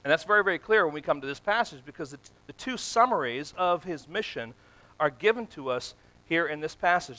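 A man preaching a sermon, asking the congregation questions and growing louder and more emphatic as he goes. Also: fairly high pitch, animated, brisk, low-quality recording. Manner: asks the congregation questions and answers them; builds from quiet to loud and emphatic.

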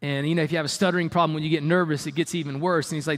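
High-voiced preacher in a reverberant hall. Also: male voice, fairly even intonation, rapid-fire. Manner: conversational and emphatic, with mock-exasperated asides. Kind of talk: sermon.

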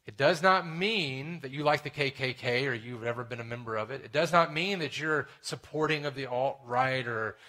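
A man preaching a sermon in a conversational way, often asking "right?" and dropping to a hushed tone for serious points. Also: medium pitch, normal speed, few pauses. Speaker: pastor.

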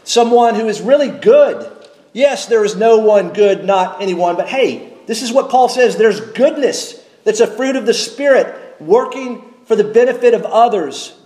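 A man preaching a sermon from the pulpit, measured and emphatic, slowing down to stress key words. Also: high voice, lively intonation, warm tone, echoey room, poor audio. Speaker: pastor. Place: church sanctuary.

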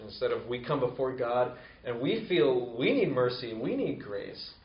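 A man preaching a conversational sermon who acts out quoted voices with rising pitch. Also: sing-song, measured pace. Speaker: pastor. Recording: roomy, distant, dull lo-fi sound.

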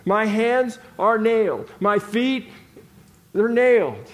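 A man's voice: high-pitched, sing-song, slow, voice pushed up, full character voice. A man acting out a desperate dying thief. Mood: pleading. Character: dying male thief, desperate, begging for mercy. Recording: long hall reverb.

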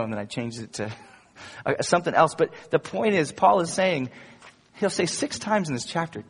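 A male pastor preaching a sermon in an animated way, rising into emphatic quotes. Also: a little high, fairly quick, vocal fry, breathy edge. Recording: echoey hall, long reverb.

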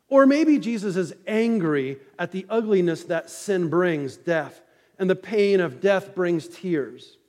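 A man preaching a sermon as pastor, telling the story with dramatic rises and hushed drops. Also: high-pitched. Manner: dramatic storytelling preacher, rising and falling intensity. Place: church sanctuary. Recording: long reverb of a church hall.

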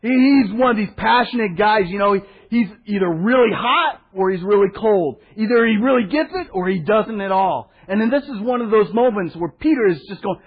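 A pastor preaching a sermon, telling the story with animated voices for the people in it and a soft hush for solemn points. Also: male voice, high voice, normal speed, hardly any pauses, husky. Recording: dull sound in a hall with long reverb.

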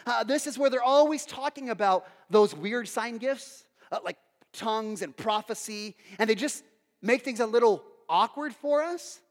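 A man preaching a sermon as pastor, telling stories with lively acted quotes and casual asides to the congregation. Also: very high voice, normal speed. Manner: animated storytelling with acted quotes. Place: church hall. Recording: long hall reverb.

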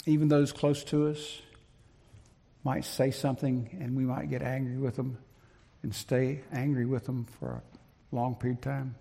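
A man preaching a sermon in an emphatic, deliberate way, repeating his key phrases, with a gravelly, husky voice. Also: medium pitch, little pitch movement, mellow. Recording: long reverb of a large hall.

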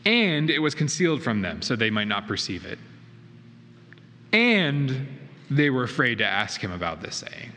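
A man's voice: medium pitch, very animated, normal speed, sharp tone. Guy preaching in a church, earnest and emphatic, long echo off the hall, faint hiss behind. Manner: earnest, emphatic, with rhetorical questions. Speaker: pastor. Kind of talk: sermon. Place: church sanctuary. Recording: reverberant hall with faint noise.

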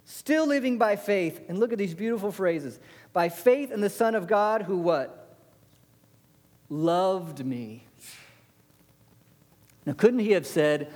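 Male preacher, sermon, animated, rhetorical questions, fairly high voice, long hall reverb. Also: takes it slowly, pauses often.

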